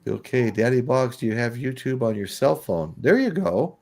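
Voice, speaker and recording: A man's voice: medium pitch, big pitch swings, normal speed, vocal fry, darkish tone. A middle-aged man hosting a casual live-stream chat, a rambling storyteller who laughs often. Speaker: host.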